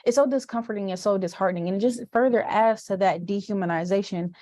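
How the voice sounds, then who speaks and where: A young woman and student teacher talking as a podcast guest in an animated, expressive way, with many "like"s. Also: medium pitch, quick pace. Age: young adult. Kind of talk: casual podcast conversation.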